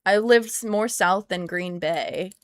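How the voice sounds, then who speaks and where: A woman's voice: medium pitch, measured pace, no room sound. A young American woman chatting casually on a live stream, playful and rambling as she talks to her viewers while tinkering. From United States.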